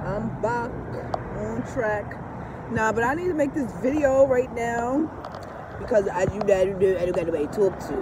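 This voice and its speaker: A woman's voice: on the high side, moderate pace. A woman talking casually to her viewers in a rambling vlog, cursing freely and constantly asking if they understand, recorded outdoors by a street. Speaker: vlogger. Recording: street noise behind the voice. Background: passing traffic and car engine noise.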